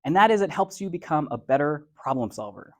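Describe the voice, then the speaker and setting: A man's voice: on the high side, very animated, a little fast, darkish tone. A man and author giving a conversational, playful motivational talk to a live audience, laying out his points in numbered steps and using casual everyday phrasing.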